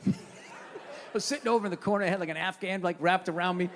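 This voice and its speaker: A man in his fifties performing a profane stand-up rant, chatty and swearing, building to shouted punchlines on a live stage. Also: sits high, fairly quick. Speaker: stand-up comedian. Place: live comedy venue stage. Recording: reverberant live venue, audience noise. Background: audience laughter.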